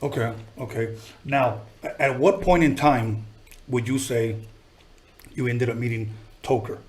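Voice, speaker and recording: A man's voice: mid-range voice, a little slow. A man hosting a podcast interview, who steers the guest with short prompts and repeated "okay" and "now". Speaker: podcast host. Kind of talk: interview questions.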